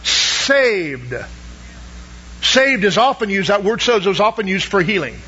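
High-voiced emphatic man preaching. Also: expressive, quick pace, pushed and bright, breathy edge, muffled recording. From Southern United States. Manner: emphatic, asks the congregation questions. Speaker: pastor. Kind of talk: sermon.

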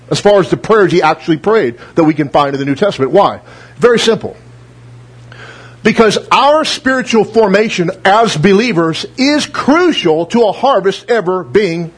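A middle-aged man preaching a sermon in a high-pitched, husky voice. He reads scripture with weight and emphasis, then breaks into relaxed, conversational remarks to his listeners. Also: normal speed. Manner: teaching verse by verse, reading scripture aloud with emphasis; conversational asides to the congregation. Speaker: pastor.

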